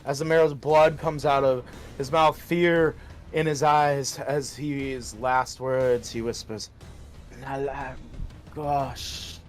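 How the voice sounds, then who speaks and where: A man's voice: medium pitch, fairly even intonation, slow pace, faint music behind. A man running a tabletop game as game master, narrating combat vividly with casual swearing.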